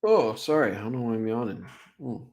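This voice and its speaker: A young man casually breaking down football film on a live stream, excitable and full of fillers like "like" and "right?". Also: medium pitch, fairly quick, highs cut off.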